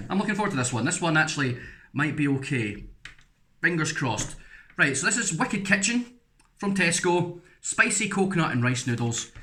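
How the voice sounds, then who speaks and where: A man's voice: fairly high pitch, pushed and bright. An English man giving a casual, frank food review, rambling through chatty asides as he tastes.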